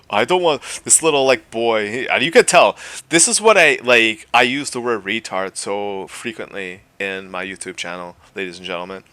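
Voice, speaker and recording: A man ranting on his own video channel, profane and mocking, with rambling fillers, swinging from loud jeers to low mutters. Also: no room sound. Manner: rambling with frequent fillers and laughs. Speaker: YouTube commentator. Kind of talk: unscripted solo rant.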